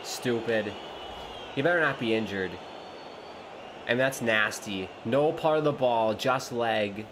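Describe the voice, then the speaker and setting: A man hosting a gaming channel, commentating his own match with excitable outbursts at big moments. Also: medium pitch, slow pace, pauses often. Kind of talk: live gameplay commentary. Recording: noisy background hum.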